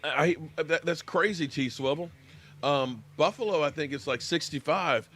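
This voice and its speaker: A man's voice: a little high, moderate pace, a bit bright. An American man hosting a casual live sports reaction stream, chatting with viewers by name and talking while he eats.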